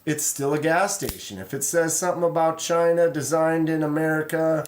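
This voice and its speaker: A man talks loosely and at length on a home live stream, drifting from point to point and greeting viewers by name as he goes. His voice sits a little high for a man, and his delivery stays easygoing and unscripted. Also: moderate pace, a little hiss or hum. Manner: relaxed, rambling, reads chat aloud. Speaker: knife channel host. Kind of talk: casual live stream chat.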